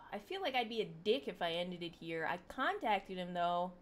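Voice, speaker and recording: A woman's voice: lowish voice, sing-song, moderate pace. A woman livestreaming and chatting casually to her chat, rambling with joking, sarcastic asides. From Puerto Rican heritage.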